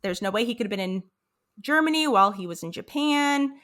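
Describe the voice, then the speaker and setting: A woman's voice: on the high side, animated, a little fast, fairly bright tone. Thoughtful woman podcaster chatting. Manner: thoughtful, chatty, reads quotes aloud. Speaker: podcast co-host. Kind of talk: casual recap chat.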